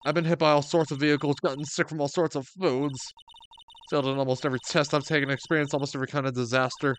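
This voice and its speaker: A man's voice: on the high side, steady tone, quick pace, slight background noise, lightly acted. A man voicing an earnest, hapless young woman who used to be a police officer, reading her lines with dramatic earnestness from a story game. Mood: determined.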